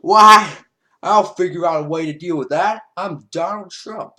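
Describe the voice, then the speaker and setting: A woman doing a quick impression of a boastful male politician. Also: lowish voice, bright, forceful tone.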